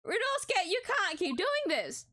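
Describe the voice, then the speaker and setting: A woman's voice: a little high, lively intonation, moderate pace, darkish tone, a little hiss or hum, close to an everyday voice. A woman voicing an earnest young female assistant in a pleading, urgent manner.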